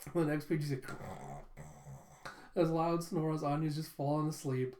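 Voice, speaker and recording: A man's voice: a little high, level tone, moderate pace, pauses often, a little mellow, a little hiss or hum. Brief: casual male reviewer, chatty, roomy echo. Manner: casual, chatty, laughs often. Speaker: manga reviewer. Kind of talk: casual chapter recap reaction.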